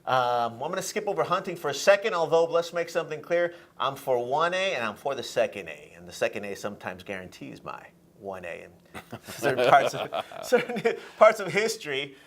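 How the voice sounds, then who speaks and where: A man hosting a political talk show, arguing his points in an animated way and laughing between them. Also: medium pitch, normal speed.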